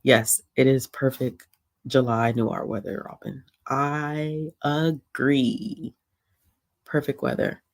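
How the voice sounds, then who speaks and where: A woman's voice: a bass voice, level tone, slow pace. A woman hosting a casual reading livestream from home, chatting easily with frequent ums and laughter. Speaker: livestream host. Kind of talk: casual chat.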